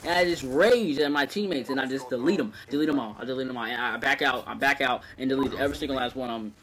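A man's voice: medium pitch, fast talker, fairly bright tone. A man talking casually over gameplay footage, rambling with many fillers and restarts and swearing freely. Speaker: gameplay video commentator.

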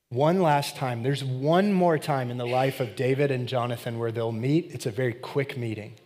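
A male pastor preaching in a relaxed, conversational manner. He reads scripture, then retells it with slangy asides. His voice sits at a medium pitch. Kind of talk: sermon.

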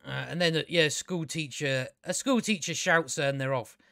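A man chats his way through an episode review in a slightly high voice. He rambles, restarts his sentences and swears offhandedly. The recording is close and dry, with no room sound. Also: normal speed, gravelly, a bit bright, no echo. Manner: chatty, frequent restarts, swears casually. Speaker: TV review channel host.

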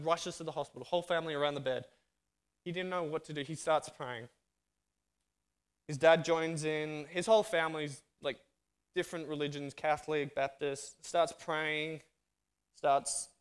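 An Australian man with a somewhat high voice preaches through a story. He narrates in a lively way and briefly acts out each character's dialogue. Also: clear, resonant tone. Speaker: guest speaker. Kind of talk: storytelling sermon.

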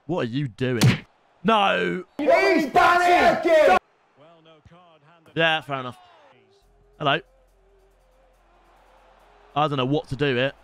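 A man's voice: a little high, slow, gravelly, pauses often, faint music behind, some chatter behind. A young man, commentating casually on his own gameplay during a live stream and calling out to his viewers. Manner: excitable, shouts at goals, addresses viewers as lads. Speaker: gaming streamer.

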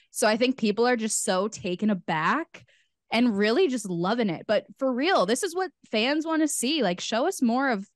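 Hoarse woman podcast host. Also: a little high, dry recording, studio quality. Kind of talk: casual podcast chat.

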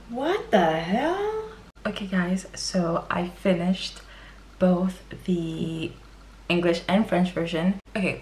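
Chatty young woman reviewing books. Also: lowish voice. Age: young adult. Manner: chatty and expressive, quick exaggerated exclamations. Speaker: book vlogger. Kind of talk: casual book review monologue.

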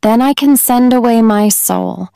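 A woman reading the part of an eager, naive young fisherman in a storybook, speaking slowly and earnestly. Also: fairly high pitch, gravelly, mellow, clean tone, no echo.

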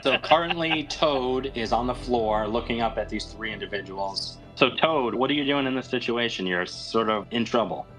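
A man's voice: medium pitch, normal speed, few pauses, a bit bright, faint music behind, poor audio. A man narrating as game master of a tabletop game, describing scenes in an easygoing way.

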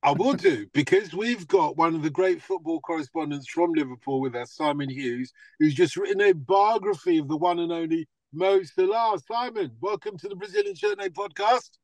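Jokey podcast host, dry close sound. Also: male voice, on the high side, expressive, normal speed, few pauses, darkish tone, no echo, low-quality recording. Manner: jokey, laughs often. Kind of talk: casual podcast hosting.

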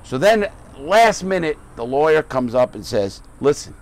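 A middle-aged man hosting a podcast, telling stories in a casual, profane, animated way and acting out other people's voices. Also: on the high side, moderate pace. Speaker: podcast host. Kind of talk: casual storytelling chat.

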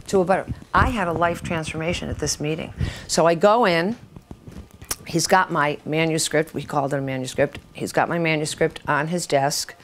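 An older woman with a low, deep-set voice tells stories to a live audience. She is frank and unfiltered, drops a swear word without apology, and slips into the voices of the people she quotes. A faint hiss sits under the recording. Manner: candid, swears freely. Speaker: writing workshop teacher. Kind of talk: storytelling talk to an audience.

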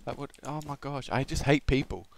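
An excitable Australian man giving gameplay commentary, swearing and swinging between shouted outbursts and low muttering. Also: fairly quick, gravelly, slight background noise. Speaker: gaming commentator.

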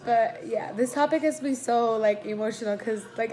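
A woman's voice: a little high, normal speed, hardly any pauses, mellow. Teary young woman gushing, full of "like". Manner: gushing, emotional, fills with "like". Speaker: vlogger. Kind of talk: casual mukbang Q&A chat.

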